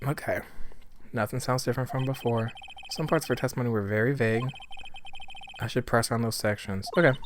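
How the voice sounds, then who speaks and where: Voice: mid-range voice, a little fast, pauses often, noisy background. A gamer giving casual, sarcastic let's-play commentary, cracking jokes and swearing freely.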